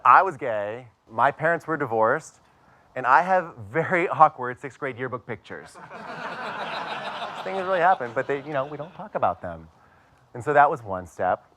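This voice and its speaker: A man's voice: mid-range voice, animated, a little slow, background noise. A man from Pittsburgh telling a personal story to a live audience with wry, self-mocking humor. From Pittsburgh, USA.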